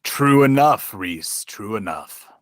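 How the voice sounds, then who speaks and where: A man's voice: expressive, takes it slowly, no room sound, studio quality. A man doing a weary, bitter old giant knight. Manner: low sighing mutter, bitter.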